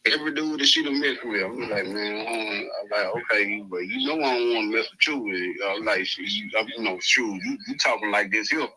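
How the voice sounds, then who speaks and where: A man's voice: lowish voice, a little fast, few pauses, bright, forceful tone, a little hiss or hum, rough recording. A man, telling a story in a rambling, casual way, with lots of "you know what I'm saying" fillers. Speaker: panel guest.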